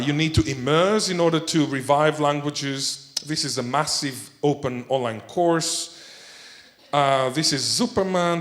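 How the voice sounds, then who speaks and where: A man speaks to a conference audience in a playful, joking manner. His voice sits a little high, and he tosses questions to the listeners between points. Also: fairly bright tone. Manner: playful, jokey, quizzes the audience. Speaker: keynote speaker. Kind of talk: conference keynote talk.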